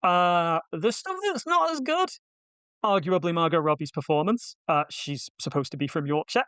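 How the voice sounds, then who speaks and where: Chatty higher-voiced man reviewing films. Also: expressive, sharp tone, clear, resonant tone, dry recording. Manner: chatty, wry, self-deprecating, quick asides. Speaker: film podcast host and reviewer. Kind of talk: casual film review chat.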